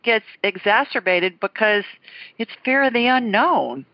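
A woman's voice: on the high side, measured pace, no room sound. A woman hosting a call-in radio show, chatting casually and laughing as she tells stories. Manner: warm, animated storyteller, laughs often. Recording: slightly dull lo-fi studio sound.

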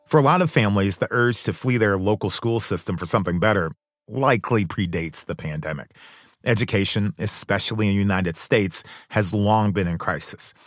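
Low-voiced man narrating a podcast. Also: dry recording. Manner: measured, earnest delivery. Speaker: podcast host. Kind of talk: scripted narration.

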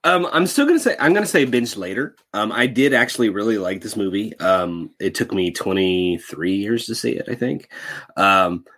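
A man's voice: on the low side, animated, normal speed, a bit bright. A man co-hosting a podcast who gives his view of a film in a hesitant way, with many ums. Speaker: podcast co-host. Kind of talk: casual movie discussion.

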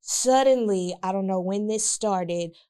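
A woman in casual conversation, telling a story with lots of laughter and playful quoted voices. Her pitch sits at an ordinary middle level for a woman. She keeps the telling lively and conversational. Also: unhurried, smooth. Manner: animated, laughs often, acts out quotes.

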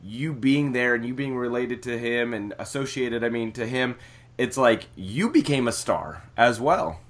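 A man hosts a podcast in easy, animated conversation. He talks in a mid-pitched voice and often stumbles and repeats his words as he builds to a question. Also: unhurried. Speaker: podcast host. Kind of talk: casual interview chat.

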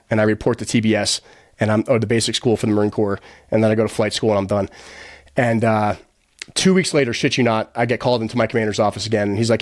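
With a lowish voice and steady tone, an American podcast guest talks fast as he tells his story in a casual interview. He recounts events bluntly, swearing and quoting the people involved; the studio-quality recording has no echo.

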